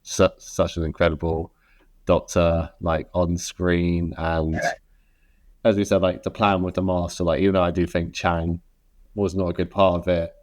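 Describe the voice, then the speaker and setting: A man's voice: low-pitched, little pitch movement, normal speed, darkish tone, dry recording, clean studio sound. A man co-hosting a podcast in casual chat, talking hesitantly with many likes and restarts. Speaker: podcast co-host.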